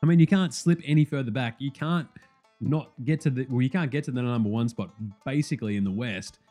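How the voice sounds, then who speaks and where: A man hosting a casual sports podcast, rambling fast and swearing freely. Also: medium pitch, soft background music. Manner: animated, profane, fast rambling. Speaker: podcast host.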